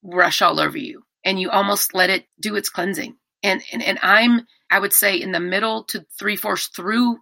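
Woman, middle-aged, bright gravelly voice, dry close sound, candid animated talk. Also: mid-range voice, moderate pace, few pauses, dry recording. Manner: candid, animated, many restarts. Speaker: podcast guest. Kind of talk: emotional personal conversation.

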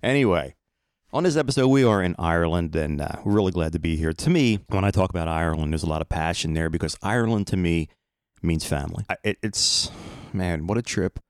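Middle-aged male podcast host, deep voice, dry close sound, loose joking monologue. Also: fairly quick, clean tone, dry recording. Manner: rambling, playful, self-mocking. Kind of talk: casual solo podcast monologue.

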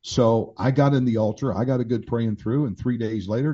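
A man's voice: mid-range voice, fairly quick, dark tone. A man in his sixties, a pastor and author, telling his own story candidly in a casual conversation, with many restarts and fillers. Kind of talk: conversational testimony. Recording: dull lo-fi sound.

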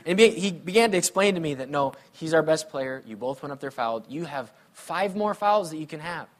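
A male pastor with a fairly high voice preaches briskly, weaving personal stories into his sermon. The storytelling is animated and conversational, full of playful humor.

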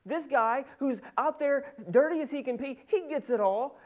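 A man's voice: very high-pitched, moderate pace, pitched above the performer's own voice. A man voicing a resentful, jealous older brother who complains in an aggrieved, whiny way. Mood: whining. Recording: dull lo-fi sound.

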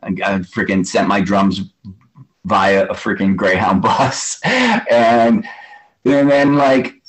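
A man's voice: on the low side, animated, takes it slowly, low-quality recording. A man in his fifties, a guest drummer, telling stories in a casual interview. He rambles, swears casually and acts out what others said.

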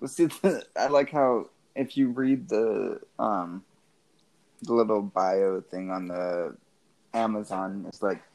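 A man's voice: on the low side, slow, a little mellow, low-quality recording. A man co-hosting a podcast, casually and with amusement recapping a movie's plot. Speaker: podcast co-host. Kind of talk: casual movie review chat.

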